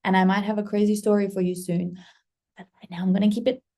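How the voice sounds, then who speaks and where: A young woman tells a story straight to camera in a relaxed vlog style. Her voice is mellow with a gravelly edge. She is animated and slips into quoted asides. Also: mid-range voice, fast. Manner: animated, swearing, acting out past excitement in quoted asides. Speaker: content creator.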